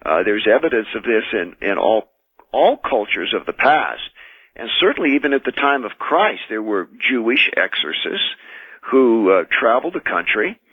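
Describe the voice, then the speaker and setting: Calling in to a radio show over a tinny phone line, an American man who works as an exorcist and minister earnestly recounts his experiences, measured in pace and frequently restarting phrases. His slightly husky voice sits on the low side with a sing-song quality, and the recording is dry.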